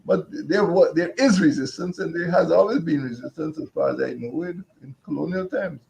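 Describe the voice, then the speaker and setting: A man answering interview questions in a measured, halting way with many restarts. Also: fairly high pitch, creaky, a little mellow, slight background noise, poor audio. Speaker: guest.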